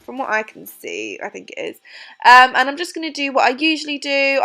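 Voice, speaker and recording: Giggly high-voiced young woman. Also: fairly bright tone. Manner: chatty, giggly, self-mocking. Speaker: beauty vlogger. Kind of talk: casual makeup tutorial voice-over.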